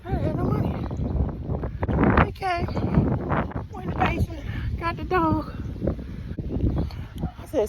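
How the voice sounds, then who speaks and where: An older woman tells a story while walking outside, her voice gravelly and swinging widely in pitch. She talks slowly and chattily, with wind and outdoor noise clearly behind her. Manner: animated, chatty, Southern-style storytelling. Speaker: vlogger. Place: outdoors on a walk, rural road.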